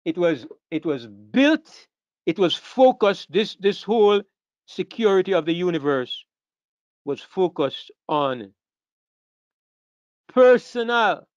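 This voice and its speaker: A man's voice: sits high, lively intonation, unhurried, no room sound. A man preaching a sermon, emphatic and repetitive, asking questions and answering them himself. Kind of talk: sermon lecture. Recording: dull lo-fi sound, dry.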